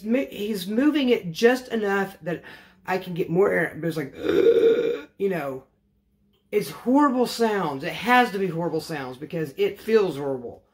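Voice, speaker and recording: A man telling a casual storytime to his vlog audience, rambling and correcting himself as he goes, wry and matter-of-fact. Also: high voice. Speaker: vlogger.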